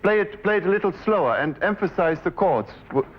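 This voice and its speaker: A composer in his forties lectures with a German accent, his high, animated voice moving fairly quickly. He explains his work step by step and directs the players in a live demonstration, sometimes humming the phrases himself. The dull 1970s recording carries faint piano music underneath.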